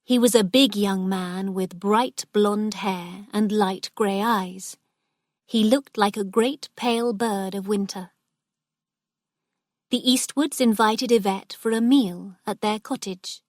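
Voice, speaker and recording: A woman narrating a story for English learners, reading clearly and carefully. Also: mid-range voice, steady tone, slow pace, no echo, clean studio sound. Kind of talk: slow scripted story narration.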